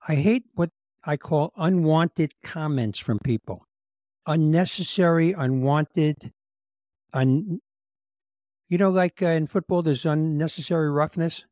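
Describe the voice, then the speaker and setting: A man hosting a podcast, his voice sitting fairly high for a man. He tells wry, self-deprecating stories and slips into the voices of the people he describes. The sound is dry and close, with no room echo. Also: a little slow, dark tone. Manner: wry, self-deprecating, acts out what others said. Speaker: podcast host. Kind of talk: comedic conversational storytelling.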